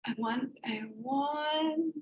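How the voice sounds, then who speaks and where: A high-pitched woman speaks very slowly while hosting a live business coaching stream. Recorded in an echoey room, her motivational talk is earnest and emotional, with phrases repeated for emphasis.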